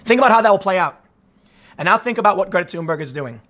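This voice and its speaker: A man's voice: high-pitched, animated, quick pace, fairly bright tone. A man in his thirties hosting a casual commentary monologue, conversational and sarcastic, with lots of restarts and asides. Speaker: political commentary host.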